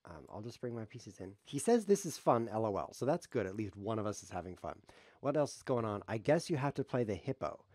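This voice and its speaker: A man's voice: on the low side, sing-song, a little fast, dark tone, husky, dry recording, clean studio sound. A man giving rambling, jokey live commentary on his own chess game, thinking aloud as he streams.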